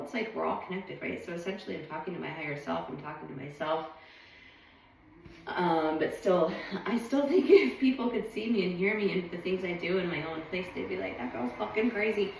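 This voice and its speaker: A woman's voice: lowish voice, gravelly, a little mellow, slight background noise. Woman vlogger, meandering and reflective, full of ums, distant mic in a very echoey room. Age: adult. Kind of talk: casual rambling monologue. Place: at home.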